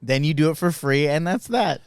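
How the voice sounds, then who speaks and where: A man co-hosting a comedy talk show, laughing often and chiming in with quick agreement. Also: a little high, expressive, noisy background. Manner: laughs a lot, chimes in with short agreements. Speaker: co-host. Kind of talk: casual chat.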